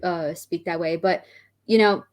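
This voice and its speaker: Soft-spoken woman, fairly low voice. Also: steady tone, measured pace. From Canada. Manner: hesitant, searching for words. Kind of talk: casual chat.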